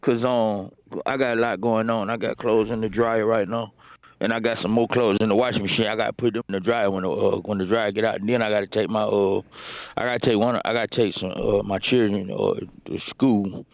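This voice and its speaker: Low-ish guy calling in, stammers a lot, phone line sound, dry. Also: steady tone, a little fast, dry recording. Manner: rambling, stammering excuses. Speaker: caller.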